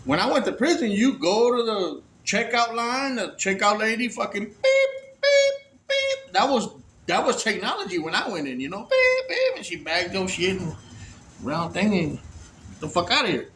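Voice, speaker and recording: A man with a fairly high voice tells a story casually, animated and full of swearing. He acts out the voices of the people he met. Faint room ambience sits behind him. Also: moderate pace, a little hiss or hum. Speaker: storyteller recounting prison release.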